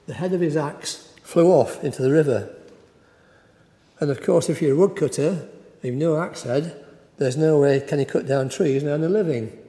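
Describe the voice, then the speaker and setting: A male preacher delivers a sermon in a wry, conversational storytelling manner inside an echoey church hall. His voice is on the high side with a dark tone.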